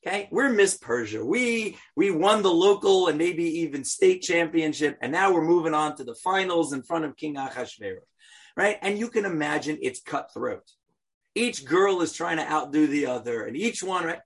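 A man teaching a scripture class, chatty and animated, joking in asides and chanting verses aloud. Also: on the high side, normal speed, husky.

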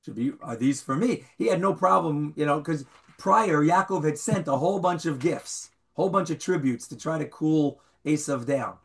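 A man's voice: on the high side, normal speed, vocal fry. A man teaching an interactive Bible class to a small group, questioning his students and reading verses aloud. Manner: animated, questions the students, reads Hebrew aloud.

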